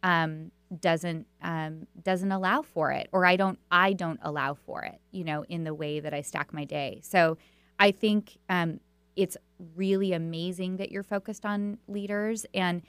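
A woman's voice: fairly low pitch, steady tone, unhurried, smooth, no room sound. A woman hosting a radio talk show, telling stories in a chatty way with lots of fillers and restarts. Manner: warm storytelling with many fillers and restarts. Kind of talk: conversational radio interview.

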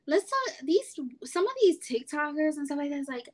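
A young woman co-hosting a podcast, chatting casually and acting out quotes in animated stories. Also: sits high, brisk. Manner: animated storytelling, acts out quotes. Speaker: podcast co-host. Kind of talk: casual chat.

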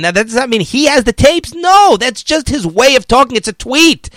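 Male political commentator, high voice, argumentative, casual, dry close recording. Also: brisk, few pauses, no echo. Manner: animated, argumentative, mocking the media in quoted voices.

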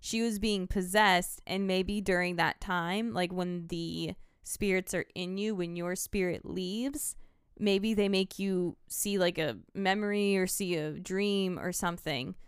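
A woman's voice: lowish voice, steady tone, measured pace, clean tone, no room sound, clean studio sound. A woman co-hosting a podcast, thinking aloud in casual chat and guessing at what a horror film means. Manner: speculative, thinks aloud with hedging. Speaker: podcast co-host. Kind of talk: casual movie review chat.

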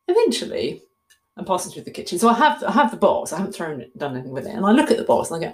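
A woman tells a long personal story in a chatty, self-mocking way, laughing often and leaping high in mock panic. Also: very animated, a little fast. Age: 60s. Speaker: vlogger. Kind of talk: casual storytelling monologue.

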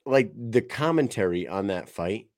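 Rambling, profane man, low voice. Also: unhurried, no room sound, studio quality. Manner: profane, rambling, animated storytelling. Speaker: podcast co-host. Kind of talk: casual sports chat.

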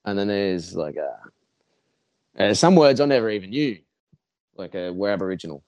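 Australian man, lowish voice, nasal, rambling and profane, dry close sound. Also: sing-song, normal speed, darkish tone, no room sound. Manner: rambling, profane, with many restarts. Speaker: podcast guest. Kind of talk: casual podcast chat.

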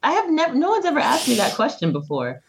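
A woman, guest co-host on a podcast, talking in a reflective, expressive way. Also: high-pitched, quick pace, slight background noise. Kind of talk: casual podcast conversation.

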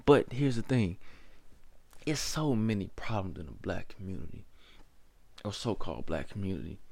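A man's voice: low voice, sing-song, moderate pace, vocal fry, dark tone, no echo. A man hosting a podcast, delivering a blunt, profanity-heavy opinion monologue that lectures the listener directly. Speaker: podcast host.

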